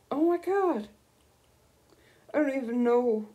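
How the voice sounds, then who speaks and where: A young woman streaming a video game, gushing and excitable as she squeals over new items. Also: mid-range voice, slow pace, long pauses. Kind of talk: casual gameplay commentary.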